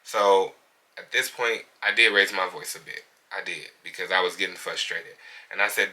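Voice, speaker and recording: A man's voice: sits low, steady tone, normal speed, sharp tone. A man, a hairstylist, candidly retelling a bad encounter with a client in a casual vlog. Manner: candid, conversational, indignant retelling. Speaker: hairstylist and salon owner.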